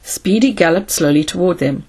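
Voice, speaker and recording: A woman narrating a science fiction audiobook with steady storytelling. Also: lowish voice, moderate pace, husky.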